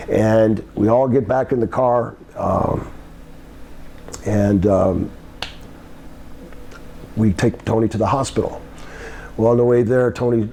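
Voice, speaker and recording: Gravelly older man rambling through a story. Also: slight background noise. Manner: halting, many ums and restarts, climbs higher when excited. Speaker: guest telling old wrestling stories.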